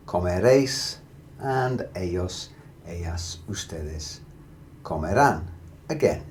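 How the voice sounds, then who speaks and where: Man, Spanish grammar lesson, low voice, methodical pacing, faint hiss behind. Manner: steady, methodical, drills through conjugations. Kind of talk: explanatory language lesson.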